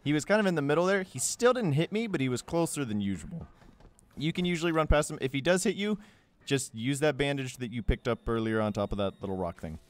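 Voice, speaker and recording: A man's voice: medium pitch, expressive, fast talker. A young man giving a casual, joking game walkthrough voice-over, rambling with sarcastic asides. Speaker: gameplay guide narrator.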